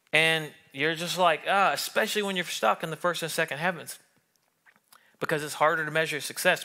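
Preacher, male, fairly high and bright-edged, lively sermon delivery that slips into little acted-out voices. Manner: animated, acts out what people think and say. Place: church sanctuary.

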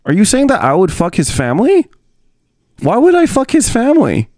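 A man's voice: high-pitched, wildly swooping pitch, normal speed, a little mellow, dry recording, clean studio sound. A young man reacting to a video on his stream, rambling and bemused as he talks to his chat. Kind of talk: casual stream commentary.

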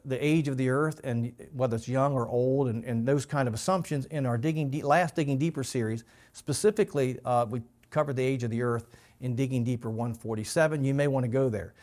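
A male pastor giving a measured, explanatory Bible teaching and stressing key words. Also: mid-range voice, darkish tone.

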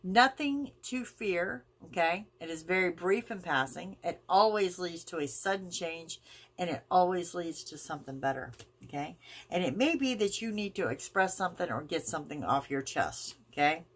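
Low-voiced woman reading tarot. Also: animated, breathy edge. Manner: reassuring, emphatic, drawn-out phrasing. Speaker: tarot reader.

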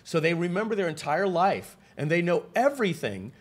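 Husky-voiced man presenting a webinar. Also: high voice, a little fast. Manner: animated storytelling, frequent restarts and asides to the audience.

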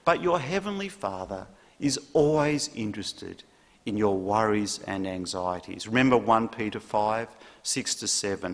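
A male pastor, preaching a sermon in an earnest, measured way with emphatic pauses. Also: on the low side, expressive, fairly bright tone, long reverb tail. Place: church.

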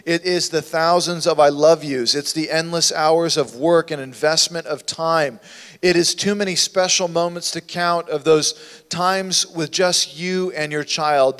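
A male pastor preaches with passion, his fairly high voice dropping to a hush and then rising loud. A long reverb from the church hall trails behind every phrase. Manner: impassioned preaching, swinging from hushed to loud. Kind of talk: sermon. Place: church sanctuary.

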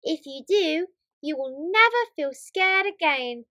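A woman voicing a gentle, patient mother who soothes her son in a children's storybook reading. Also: sits high, animated, slow, no echo, full character voice. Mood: soothing. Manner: soft, soothing.

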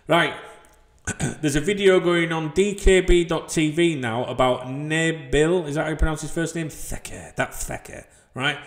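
A man's voice: on the high side, fairly even intonation, moderate pace. A man, a football channel host ranting to camera in a small room with white walls. He talks in a heated, sweary, rambling way and keeps asking "you know what I mean". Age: 40s.

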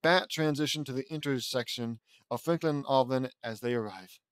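A man reads fan fiction aloud in a casual, unpolished way, stumbling and correcting himself along the way. His voice sits at a middle pitch. The recording is close and dry, with no room sound. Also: normal speed, smooth, no echo. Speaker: audiobook reader.

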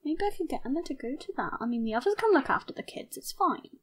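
A young woman chatting casually through her life-sim game, excitable and mock-outraged, laughing often. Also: high-pitched, fast talker. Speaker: gaming YouTuber. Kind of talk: casual let's-play commentary.

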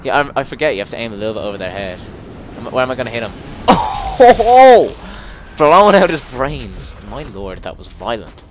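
A man giving an excitable, cursing commentary while playing a video game, breaking into loud yells. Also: lowish voice, racing, slight background noise. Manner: excitable, swears, bursts into yells. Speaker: gameplay video host. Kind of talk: let's play commentary. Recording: game music clearly behind the voice. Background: game music and sound effects.

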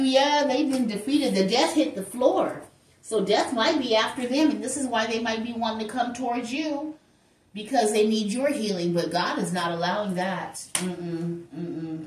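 A woman gives a tarot reading with sass and a preacher's fire. Her voice sits a little high. It rings around a bare, echoey room because she is a bit away from the mic. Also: moderate pace, distant mic, a little hiss or hum. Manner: animated, sassy, preacher-like, acts out voices in quotes. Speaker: tarot reader. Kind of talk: spiritual tarot reading to the viewer.

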